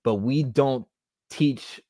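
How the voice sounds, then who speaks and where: A man's voice: medium pitch, slow, dark tone, no echo, studio quality. A young man hosting a podcast monologue, rambling with many restarts and holding back tears. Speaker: podcast host. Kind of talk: casual monologue.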